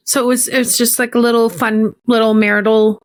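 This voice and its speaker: A woman's voice: a little high, level tone, fairly quick, no echo. A woman co-hosting a podcast in casual chat, with dry, teasing interjections. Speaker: podcast co-host.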